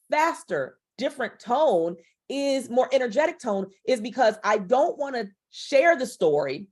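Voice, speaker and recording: A woman's voice: fairly high pitch, a little mellow. Dynamic woman teaching public speaking. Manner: dynamic, shifts volume and pace to demonstrate. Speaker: speaker trainer. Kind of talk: public speaking workshop lecture.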